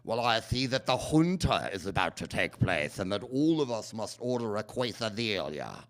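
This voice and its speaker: Give me a hammy, over-the-top figure who drawls pompously in a mock Karloff manner and speaks up loudly, as a man puts him on. The timbre is pushed away from the performer's usual voice. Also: on the low side, big pitch swings, moderate pace. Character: hammy man doing a Karloff-style fake Latin accent.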